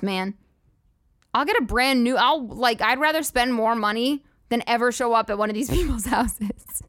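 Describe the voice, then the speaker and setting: A woman's voice: fairly high pitch, moderate pace, a bit bright, no echo, studio quality. A young woman hosting a podcast, ranting casually with sarcastic, profane, rambling asides. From United States. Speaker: podcast host. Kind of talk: casual comedic rant.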